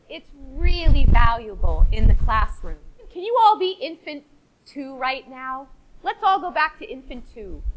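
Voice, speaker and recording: Lively high-voiced woman storyteller. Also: slight background noise. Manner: animated, coaxing the audience to join in. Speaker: storyteller and teacher trainer. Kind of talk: interactive storytelling workshop.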